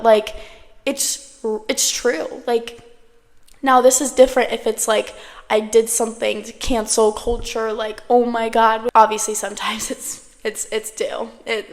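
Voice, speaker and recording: Brief: young woman podcaster, slightly high voice, loose swearing chatter, long room echo. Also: vocal fry. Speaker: podcast host. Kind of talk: casual solo chat to camera. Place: at home, indoors. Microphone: camera.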